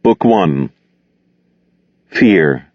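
Low, expressive male audiobook narrator. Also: drawn-out words, breathy edge, no echo, dull audio.

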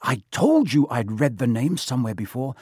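A man's voice: mid-range voice, big pitch swings, normal speed, mellow, slightly rough, no echo. An earnest young schoolboy from a storybook, read by a man, speaking plainly and directly in a middle register. The sound is close and dry. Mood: excited. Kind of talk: audiobook reading.

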